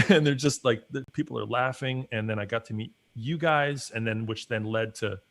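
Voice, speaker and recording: A man's voice: medium pitch, moderate pace. A man in casual livestream chat, telling stories with energy and acting out what he and others said. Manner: animated storyteller who acts out his own quotes. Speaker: guest and regular collaborator.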